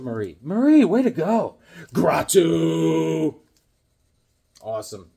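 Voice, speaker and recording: Showing off his comic books, this middle-aged vlogger speaks in a creaky, darkish, mid-range voice with some breathiness. His casual chat keeps wandering into rambling, joking anecdotes.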